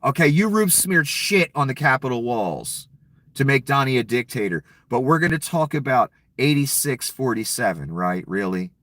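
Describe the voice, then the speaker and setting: A man's voice: medium pitch, lively intonation, normal speed, a bit bright, no room sound. A man giving an angry, profane political rant with a sarcastic, heated delivery. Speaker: political commentator.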